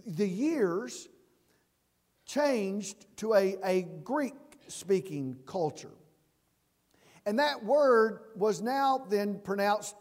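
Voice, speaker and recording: A man's voice: sits high, darkish tone. A man preaching a sermon, earnest and emphatic, often restarting his words. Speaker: pastor. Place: church sanctuary. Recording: long church reverb.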